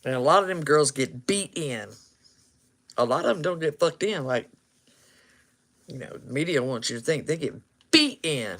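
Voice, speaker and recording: A man's voice: fairly high pitch, animated, normal speed, pauses often, a bit bright. A man casually telling a story, laughing often and acting out what people said.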